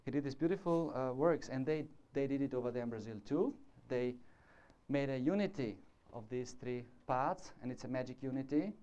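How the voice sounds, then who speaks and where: Dark-voiced man lecturing at a conference. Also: mid-range voice, normal speed, clear, resonant tone. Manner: discursive, demonstrating with gestures and asking the audience. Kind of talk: live conference talk. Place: lecture hall before an audience. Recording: dull lo-fi 1990s conference tape.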